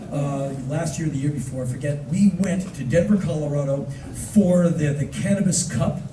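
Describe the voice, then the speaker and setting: A man telling funny stories live on stage, lively and loud at times, acting out other people's voices. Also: on the high side. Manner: animated, acts out voices, loud bursts. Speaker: spoken word performer. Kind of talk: live spoken word storytelling. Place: theater stage before an audience. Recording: roomy, distant audience recording with noise. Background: audience laughter.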